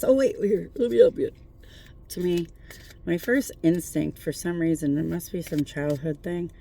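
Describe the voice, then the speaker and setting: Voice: medium pitch, slight background noise. A tarot reader giving a casual spiritual pep talk from a parked car at night, mixing earnest encouragement with swearing and jokes. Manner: profane, joking, earnest encouragement.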